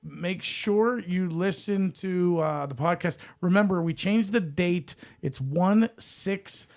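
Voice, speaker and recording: Slightly high-voiced joking male podcast host. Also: takes it slowly, darkish tone. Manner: joking, rambling, puts on goofy voices. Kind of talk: casual chat.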